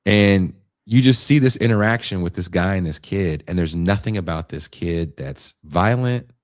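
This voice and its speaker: Deep-voiced man telling a story. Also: moderate pace, no echo, clean studio sound. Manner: animated retelling with swearing and acted quotes. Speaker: podcast co-host. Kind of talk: casual chat, storytelling.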